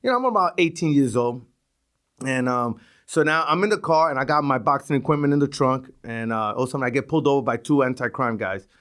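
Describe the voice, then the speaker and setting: A man's voice: mid-range voice, fast talker, a bit bright. A middle-aged man, a retired police sergeant telling street stories in a casual, profane way, often restarting his words. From East New York, Brooklyn. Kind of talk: casual storytelling.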